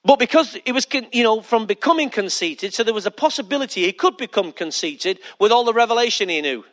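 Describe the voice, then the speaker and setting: A man's voice: high-pitched, animated, fast, a bit bright. A male pastor preaching a sermon emphatically, repeating key lines and putting questions to the congregation.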